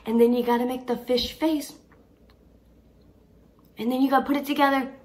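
In a learning video for toddlers, a young woman teacher speaks slowly and encouragingly with a sing-song lilt, letting out delighted gasps. Her voice is high-pitched and her intonation stays fairly even.

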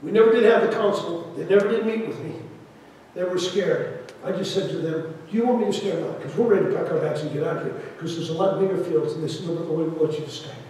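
An older man preaching a testimony sermon, telling a story and swinging from loud to hushed. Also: on the high side, quick pace, slight background noise. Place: large church hall. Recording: echoey hall from far off.

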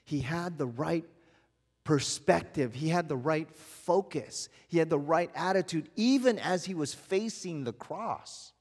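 A man's voice: fairly high pitch, a little slow, darkish tone, slightly rough, in a large hall. A man preaching a sermon as pastor, conversational, asking the congregation repeated rhetorical questions.

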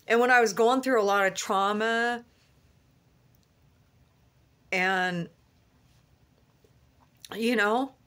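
A woman's voice: mid-range voice, steady tone, extremely slow, long pauses, fairly bright tone. A woman vlogger sits in a car and delivers a fervent religious monologue. She talks earnestly and rambles, often restarting with "you know.". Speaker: Christian vlogger.

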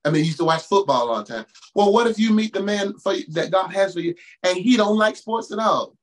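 Animated male pastor, fairly high voice. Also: fairly quick. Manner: animated preacher, repeats key phrases, wide swings from low asides to loud exclamations; casual, conversational phrasing with stammered restarts. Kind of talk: preaching-style talk to singles.

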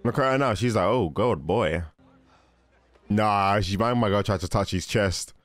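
A young man giving casual, excitable commentary while watching a film, often laughing and exclaiming. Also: fairly low pitch, fairly quick, no room sound. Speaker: movie reaction host. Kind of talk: casual movie reaction commentary.

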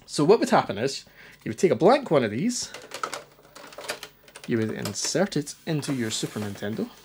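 A man's voice: medium pitch, big pitch swings, normal speed, darkish tone, a little hiss or hum. Rambling anxious man demoing gear. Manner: rambling, self-deprecating, many ums and restarts. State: anxious, stutters. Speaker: retro gaming youtuber. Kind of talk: casual hands-on demo.

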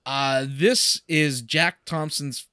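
A man co-hosting a podcast, talking casually and laughing often. His voice is bright and sits a little high, and the recording is dry and close. He drops jokes and restarts his sentences as he goes. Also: fairly even intonation, extremely slow, smooth, no echo. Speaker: podcast co-host. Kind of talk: casual chat.

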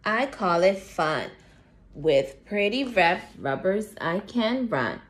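A woman's voice: mid-range voice, big pitch swings, slow. A woman voicing a cheerful little duck who loves the rain, reading a storybook aloud to children.

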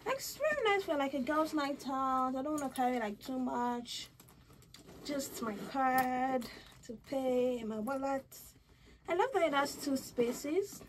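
A young woman chats through a casual haul vlog at home, her high voice swooping widely as she gushes. Her tone is bright and sharp, and she squeals with excitement. A faint hiss sits behind her. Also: a little slow. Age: young adult. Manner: bubbly, gushing, squeals with excitement. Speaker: vlogger.

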